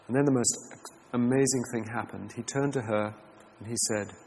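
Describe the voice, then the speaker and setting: A man teaching a class, earnest and measured, reading a letter aloud and reflecting on it. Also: medium pitch, steady tone, creaky, a little mellow. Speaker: teacher leading a class discussion. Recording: echoey hall with faint background noise.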